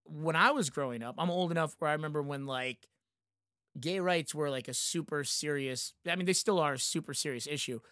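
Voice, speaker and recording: A man's voice: on the high side, a little fast, no room sound, clean studio sound. A man in his thirties who manages concerts, chatting casually and rambling with lots of fillers. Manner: animated, rambling, frequent "like" fillers. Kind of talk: casual podcast chat.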